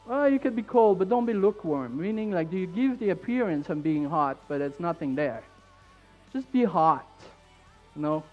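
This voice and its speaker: French-accented preacher, high fervent voice. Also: male voice, lo-fi sound. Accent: French Canadian. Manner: fervent, repetitive, builds to shouting. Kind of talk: sermon. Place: church.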